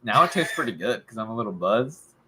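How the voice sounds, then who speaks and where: A man's voice: fairly low pitch, big pitch swings, brisk, noisy background. A young man co-hosting a beer podcast, making dry teasing remarks. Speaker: podcast co-host. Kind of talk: casual chat.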